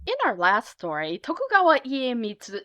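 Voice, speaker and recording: A woman's voice: on the high side, wildly swooping pitch, normal speed, fairly bright tone, muffled recording. A woman telling a comic historical story as a storyteller, playfully switching into character voices.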